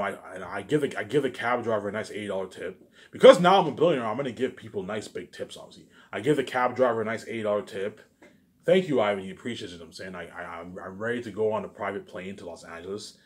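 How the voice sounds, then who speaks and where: A man rambling through a daydream monologue, stumbling over restarts and saying "obviously" and "you know what I'm saying" over and over. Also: on the low side. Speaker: vlogger.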